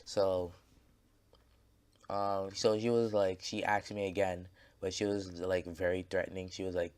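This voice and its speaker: A man's voice: low-pitched, little pitch movement, unhurried, darkish tone, clean tone. A man casually telling a story over gameplay, rambling and swearing, with lots of fillers and restarts. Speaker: gaming channel creator.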